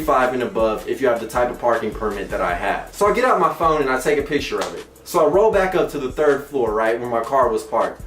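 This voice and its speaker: A young man hosting his own show, telling a funny personal story with animated, squeaky outbursts and playful voices. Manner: animated, breaks into squeaky exclamations and mock singing. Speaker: comedic storyteller host. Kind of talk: comedic storytelling vlog. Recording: echoey room, mic at a distance.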